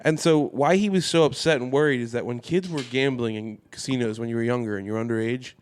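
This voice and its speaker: A man telling a wild story in casual podcast chat, acting out the people in it with sudden jumps in pitch. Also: fast talker, smooth. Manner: animated storyteller, acts out quoted voices with big pitch jumps. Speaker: podcast guest.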